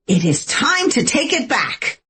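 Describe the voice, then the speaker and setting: A domineering middle-aged matriarch in a dubbed drama, ranting and scornful. Her voice sits a little high and swoops wildly up and down. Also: sing-song, a little slow, bright, forceful tone, husky, full character voice. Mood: furious. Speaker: family matriarch. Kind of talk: English dub of a short drama.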